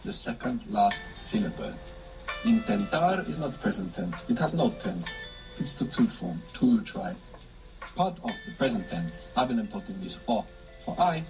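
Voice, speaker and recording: A man with a mid-range voice teaches a language lesson, patiently explaining step by step and prompting his student with questions. The recording quality is low.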